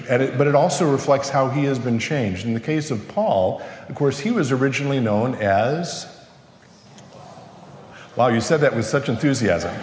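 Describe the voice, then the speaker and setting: A male pastor giving a conversational sermon, putting questions to the congregation. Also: medium pitch. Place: church sanctuary. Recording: echoey hall with long reverb.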